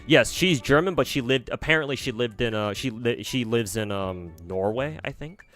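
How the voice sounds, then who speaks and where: A man's voice: medium pitch, expressive, moderate pace, fairly bright tone, soft background music. A man with an American accent, chatting casually on a livestream and answering viewers in a rambling, hesitant way with frequent restarts and casual swearing. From United States. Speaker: streamer.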